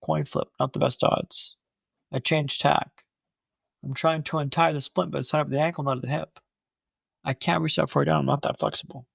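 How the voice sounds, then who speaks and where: A young man telling his own story in an animated way, with punchy short phrases. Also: fairly high pitch, moderate pace, creaky, husky, dry recording, studio quality.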